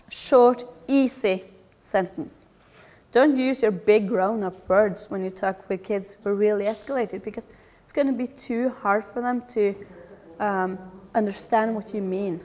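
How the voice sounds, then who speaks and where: A middle-aged woman giving a lively public talk about children's behaviour, with humorous asides. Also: mid-range voice. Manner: lively, acts out quoted voices, humorous asides.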